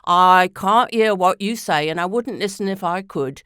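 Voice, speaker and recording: A woman voicing a fierce, short-sighted, hard-of-hearing elderly woman who scolds in a shrill, shouting way, read aloud as storytelling. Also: moderate pace, clear, resonant tone, dry recording, studio quality, natural voice. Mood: indignant.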